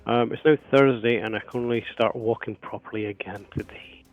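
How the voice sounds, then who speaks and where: A man's voice: on the low side, steady tone, brisk, dry recording, narrow, tinny audio. A chatty man from Britain talks casually with his gaming group, cracking jokes between turns. His voice is close and dry, with no room sound, and faint music plays behind him. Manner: chatty and joking. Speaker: player. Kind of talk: casual chat at a tabletop game.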